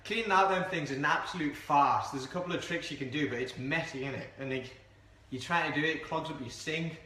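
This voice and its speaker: A chatty man walks through a coffee brew in a casual vlog, rambling and poking fun at himself. His voice is bright and sits a little high for a man. The room around him rings with echo. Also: fast talker. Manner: chatty, rambling, self-deprecating. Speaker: coffee reviewer. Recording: echoey room.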